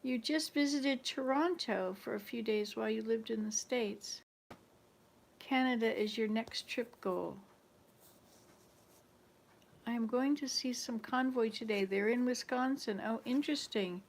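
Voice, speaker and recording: A woman's voice: on the high side, moderate pace, vocal fry. A woman at her rural home, chatting casually and humming old folk tunes to herself in a rambling way. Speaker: vlogger.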